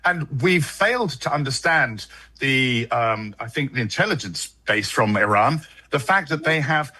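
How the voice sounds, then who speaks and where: A man with a British accent giving measured political analysis in a hesitant, halting way. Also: mid-range voice, expressive, pushed and bright, rough recording. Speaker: commentator in a played clip.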